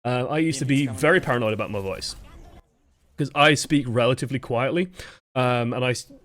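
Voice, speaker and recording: A young man coaching players, giving a live-streamed review of gameplay footage. He talks fast in a projected, expressive way and swears casually. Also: mid-range voice.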